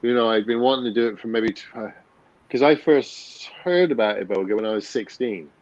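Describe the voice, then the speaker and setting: A man's voice: mid-range voice, brisk, darkish tone, no echo. A man in his fifties talks candidly as a podcast guest. His voice sits in a middling register, and he restarts phrases and swears casually as he goes. The recording is dry and a little muffled, with a lo-fi edge. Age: 50s. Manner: blunt, swears freely, many restarts. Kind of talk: candid conversational storytelling.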